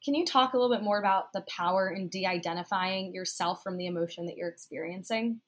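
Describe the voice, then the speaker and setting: A woman's voice: fairly low pitch, fast. A woman hosting a podcast, asking long, curious questions in a casual way. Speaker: podcast host.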